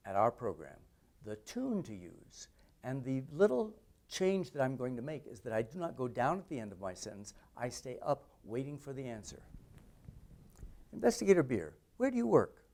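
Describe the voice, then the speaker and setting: A middle-aged man gives a lesson on courtroom questioning, his voice sitting at a medium pitch. He speaks deliberately and acts out sample questions to show how tone carries meaning. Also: sing-song, a little mellow. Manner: deliberate, demonstrates questioning tones. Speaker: trial advocacy teacher. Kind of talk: instructional talk with mock courtroom questioning.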